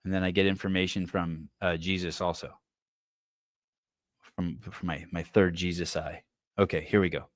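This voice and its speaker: A man's voice: low-pitched, level tone, moderate pace, pauses often, dry recording, studio quality. Profane rambling podcast host man. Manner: profane, rambling riffs with stammered restarts. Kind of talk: casual livestream commentary.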